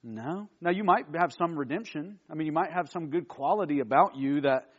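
A man with a high voice leads a youth sermon in a casual, animated way. He keeps throwing rhetorical questions at his young listeners. The recording sounds dull and lo-fi. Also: brisk, husky. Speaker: youth pastor.

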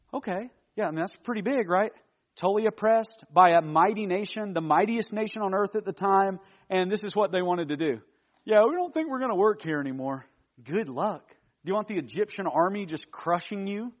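A man with a high voice leads a youth sermon in a casual, animated way. He keeps throwing rhetorical questions at his young listeners. The recording sounds dull and lo-fi. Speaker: youth pastor.

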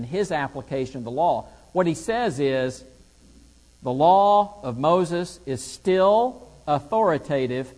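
A man's voice: on the high side, a little mellow, long reverb tail. A man teaching a Bible lesson, reading scripture aloud and driving points home with rhetorical questions.

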